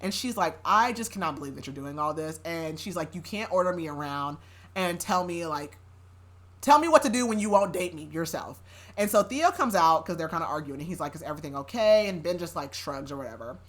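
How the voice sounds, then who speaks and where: A young adult woman hosting a podcast, retelling a story in loose, casual chat. Her voice sits a little low for a woman, and she fills her talk with "like" and easy laughter. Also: lively intonation, a little fast, fairly bright tone. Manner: chatty, laughing often, heavy use of "like". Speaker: podcast host recapping a novel.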